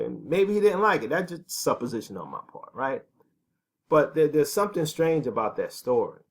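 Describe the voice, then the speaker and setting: Emphatic man preaching with rhetorical questions. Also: mid-range voice. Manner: emphatic, asks rhetorical questions, punctuates with "right?" and "okay". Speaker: ministry teacher. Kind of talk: preaching commentary on prophecy.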